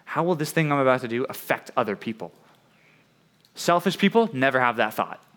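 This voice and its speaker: A man's voice: mid-range voice, lively intonation, fairly quick, a bit bright. A man preaching to young people in a conversational way, often asking "right?" and acting out the voices he quotes. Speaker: youth preacher.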